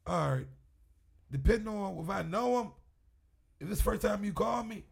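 Male guest, slightly husky and a little high, tells animated stories and curses freely. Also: moderate pace. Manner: animated storyteller, swears freely. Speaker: wrestling promoter, guest. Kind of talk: casual interview chat.

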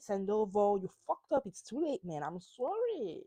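A woman's voice: medium pitch, sing-song, normal speed, mellow, breathy edge, dry recording. A woman hosting a podcast, recapping reality TV in a casual, emphatic way and swearing freely. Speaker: podcast host.

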